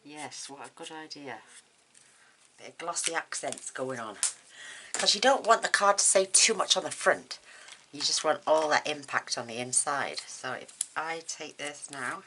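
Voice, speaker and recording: A woman with a strikingly deep yet bright and forceful voice hosts a card-making demonstration at home. She talks casually and thinks aloud as she works. A faint hiss sits under her voice. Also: animated. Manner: chatty, thinking aloud while working, quick laughs. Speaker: craft tutorial host.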